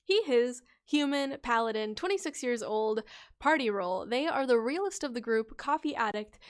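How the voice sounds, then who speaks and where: On her casual livestream, a woman playfully reads out character stories sent in by viewers, laughing frequently and correcting her own stumbles. She speaks at normal speed in a slightly high, clean voice with lively intonation.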